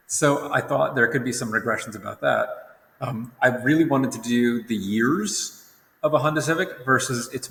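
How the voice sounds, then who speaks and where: Tired young guy rambling through a math lesson, bright voice, echoey room with long reverb. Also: mid-range voice, gravelly. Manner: casual, rambling, self-correcting. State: tired, yawning. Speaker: teacher. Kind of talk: recorded lesson walkthrough. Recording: roomy echo with long reverb.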